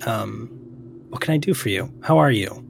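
A man's voice: lowish voice, expressive, moderate pace, gravelly, breathy edge. A man playing a polite, businesslike character in a tabletop game. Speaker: player. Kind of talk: tabletop role-play in character.

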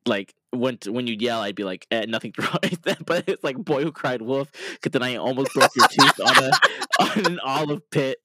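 A man co-hosting a podcast in casual chat, laughing often and cutting in with quick playful remarks. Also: mid-range voice, animated, noisy background. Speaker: podcast co-host.

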